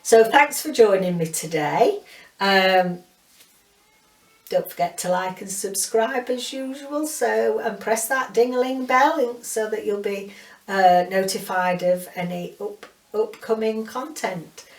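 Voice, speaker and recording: A woman's voice: mid-range voice, takes it slowly. Chatty woman, roomy sound. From North Yorkshire, England. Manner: chatty, rambling, laughs often. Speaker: book channel host. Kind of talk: casual chat. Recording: roomy sound, mic at a distance.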